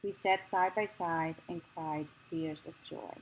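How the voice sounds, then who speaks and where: A woman reading a memoir passage aloud, in a slow, measured and gentle way. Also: low-pitched, steady tone, slight background noise, low-quality recording.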